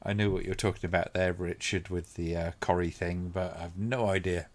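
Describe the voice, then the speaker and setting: A man's voice: sits low, steady tone, moderate pace. A man chatting casually and laughing often while commenting on a film with a friend. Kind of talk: casual watch-along commentary.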